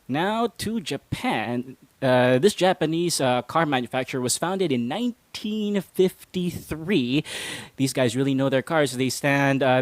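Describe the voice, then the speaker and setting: Male host, playful pronunciation coach, mid-pitched voice, dry close sound. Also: no echo. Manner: playful, chuckles often. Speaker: English pronunciation teacher and host. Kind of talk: casual instructional lesson.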